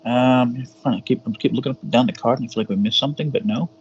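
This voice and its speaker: A man's voice: medium pitch, quick pace. Guy rambling on a podcast, swears a bit, dull lo-fi sound with a faint hum. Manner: rambling, hesitant, swears casually. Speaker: podcast co-host. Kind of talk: casual review chat.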